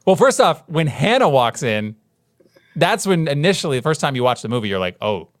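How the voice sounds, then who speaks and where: A man's voice: on the high side, fairly quick, dry recording, clean studio sound. A man in his thirties co-hosting a podcast, chatting casually and rambling with frequent restarts. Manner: rambling, restarts often, animated retellings. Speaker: podcast co-host. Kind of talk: casual chat.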